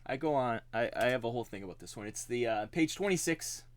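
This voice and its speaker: Lively, laughing man on a podcast. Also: medium pitch, fast talker. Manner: animated, laughing often. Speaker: podcast co-host. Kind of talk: casual chat.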